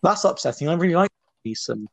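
A man with a gravelly edge to his voice chats casually as a podcast co-host. He jokes often and breaks into laughter easily. The sound is dry and close, with no room echo. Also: a little high, animated, a bit bright. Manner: joking, quick to laugh. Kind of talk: casual chat.

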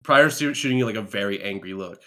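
A man's voice: lowish voice, fast, a bit bright. A man chatting and laughing as a player at a tabletop game, describing his character's actions. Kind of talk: casual game-table chat.

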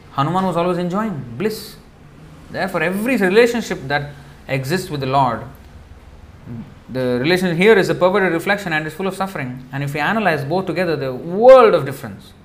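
A man giving a devotional lecture in a loose, conversational way, full of fillers, acting out quoted lines in a softer voice. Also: on the high side, slight background noise. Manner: conversational, many fillers, acts out quoted dialogue softly. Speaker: preacher.

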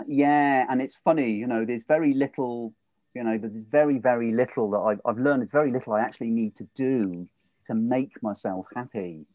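A man in a casual podcast chat, animated and laughing often, acting out the voices he quotes. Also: mid-range voice, moderate pace, no room sound, narrow, tinny audio. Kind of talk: casual conversation.

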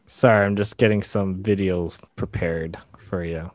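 A man's voice: deep voice, steady tone, measured pace. A man hosting a podcast in casual chat, laid-back and teasing, laughing often. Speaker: podcast host.

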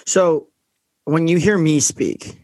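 A man's voice: a little high, slow pace, darkish tone, no room sound. A man with a West Coast American accent hosting a casual interview and asking long, musing questions full of fillers. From United States.

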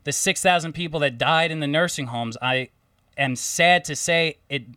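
A young man telling a story in casual chat, animated and swearing often, quoting himself and others. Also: a little high, normal speed, clean tone, dry recording, far from the mic. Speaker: home care therapist.

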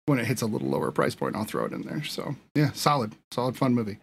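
A man's voice: mid-range voice, big pitch swings, fast, gravelly, slight background noise. A man hosting a casual movie review panel, easygoing and steering the chat. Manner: easygoing, moderates the discussion. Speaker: podcast host.

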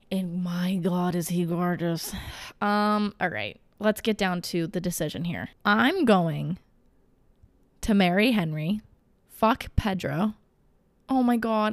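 A woman's voice: mid-range voice, no room sound. A young woman vlogging in a casual, gushing way, rambling with fillers and self-corrections. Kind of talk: casual chat to camera.

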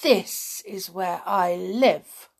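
A woman's voice: on the low side, extremely slow, creaky, heavily acted. Woman putting on a slurring old porter. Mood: weary. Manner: slurred, mild. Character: slurring down-and-out older male hospital porter.

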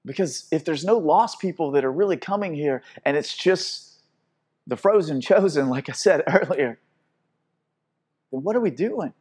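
A man preaching a sermon with impassioned delivery, repeating words and restarting phrases, swinging between loud exhortation and quiet intensity. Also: high voice, animated, moderate pace, slightly rough.

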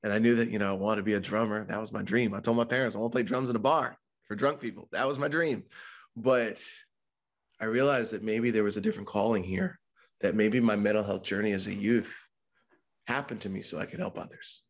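Guy with a low raspy gravelly voice, mental health speaker telling his own story on a podcast, candid and chatty. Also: brisk. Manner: candid and conversational, acts out quoted voices. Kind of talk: podcast interview, personal story.

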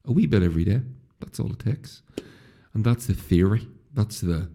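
A man's voice: lowish voice, expressive, normal speed, gravelly, dark tone. A middle-aged man with a Northern Irish accent, hosting a casual solo podcast, rambling with restarts and swearing freely. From Northern Ireland. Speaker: podcast host.

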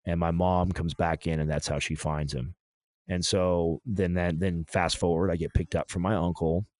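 A man talking through a painful personal story in a halting, emotional way, often restarting his sentences. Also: deep voice, darkish tone, dry recording. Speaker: podcast guest.

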